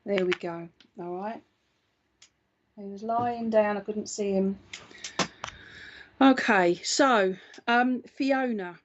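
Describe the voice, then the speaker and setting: A woman's voice: medium pitch, takes it slowly, long pauses, muffled recording, a little hiss or hum. A woman working as a psychic medium, giving a live reading in a chatty, reassuring way and often checking in with her listener.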